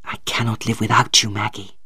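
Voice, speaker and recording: A reader voicing a pleading young gentleman. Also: on the low side, flat delivery, brisk, slightly rough, no echo, studio quality, voice pushed down.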